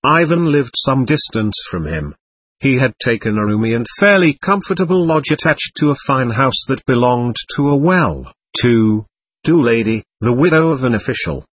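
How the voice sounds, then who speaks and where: A man's voice: mid-range voice, sing-song, normal speed, breathy edge, no room sound. A man narrating a classic novel aloud, reading steadily and giving the dialogue light voicing. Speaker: audiobook narrator. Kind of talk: scripted narration.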